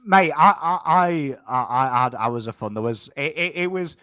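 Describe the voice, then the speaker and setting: An English man in his thirties, co-hosting a casual chat with a fairly high voice. He tells stories in an animated way and swears freely. The recording is close and dry, with no room sound. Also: normal speed, smooth, dry recording. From England. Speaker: co-host.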